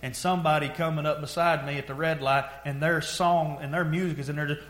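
A preacher delivers a sermon in a folksy, storytelling way, dropping low and quiet, then rising to loud exhortation. His voice sits a little high for a man. The room around him rings with echo. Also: fairly even intonation, brisk.

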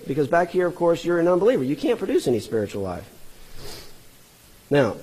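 A man's voice: on the high side, a little mellow, slightly rough, poor audio. A man teaching through a Bible passage verse by verse, earnest and explanatory, sometimes stopping to correct himself.

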